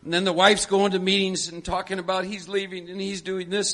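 A man leading a group workshop, animated and coaxing, often breaking into laughs. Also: on the high side, fairly quick, a crowd in the background. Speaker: workshop leader. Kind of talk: lively group workshop talk.

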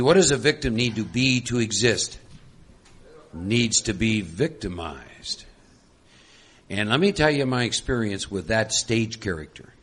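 A man leading a group workshop, animated and coaxing, often breaking into laughs. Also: mid-range voice. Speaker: workshop leader. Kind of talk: lively group workshop talk.

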